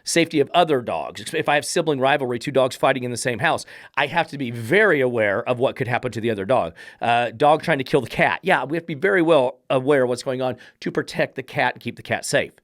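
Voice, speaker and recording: A man's voice: mid-range voice, quick pace, a bit bright, no room sound, clean studio sound. A middle-aged man, a dog trainer hosting a podcast, giving blunt, sarcastic commentary on advice he reads out, now and then swearing. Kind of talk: commentary reacting to a read-out text.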